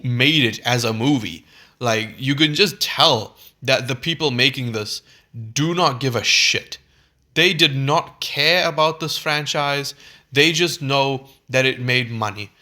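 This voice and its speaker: A man's voice: medium pitch, bright, forceful tone. A man giving a heated, exasperated film review, swearing freely and stumbling over restarts when worked up.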